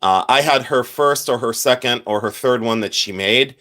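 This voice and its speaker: A man's voice: medium pitch, moderate pace, bright, forceful tone. A middle-aged man hosting a casual livestream, chatty and rambling and congested from his sinuses. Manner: chatty, rambling, thanks viewers often. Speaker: livestream host, jewelry collector. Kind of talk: casual live-stream chat.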